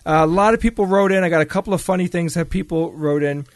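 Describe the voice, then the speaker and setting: Casual man co-hosting a podcast, chuckly, raised pitch, dry close-miked sound. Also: fast, no room sound. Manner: chuckles often while talking. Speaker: podcast co-host running a sound-guessing segment.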